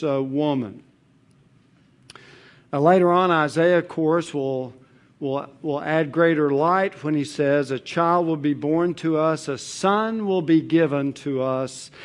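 In a slightly high voice with a darkish tone, a man works through a Bible passage in an expository sermon. His delivery is steady and forceful, built on repetition and rhetorical questions.

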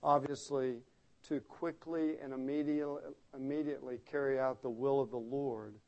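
A man's voice: medium pitch, steady tone, normal speed, a little mellow, highs cut off. A man preaching an expository sermon, explaining the text earnestly and stressing key words by repeating them.

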